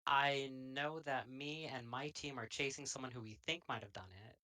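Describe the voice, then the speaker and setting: A player speaking in character in a tabletop game, quick and offhand. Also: mid-range voice, fairly even intonation, pushed and bright.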